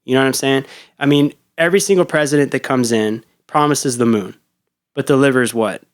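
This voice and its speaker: Smooth-voiced laid-back male podcast host. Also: medium pitch, a little fast. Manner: laid-back, rambling, swears often. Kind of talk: casual chat.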